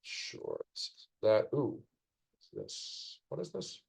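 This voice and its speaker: A man's voice: medium pitch, huge pitch swings, takes it slowly, vocal fry, darkish tone, poor audio. A man casually commenting on a live stream as he solves a crossword, rambling through clues with wry asides. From United States.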